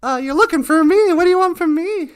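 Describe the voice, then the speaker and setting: A woman's voice: very high-pitched, fast talker. A woman voicing a self-mocking, chatty male eagle spirit who acts as a messenger for prayers. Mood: wry.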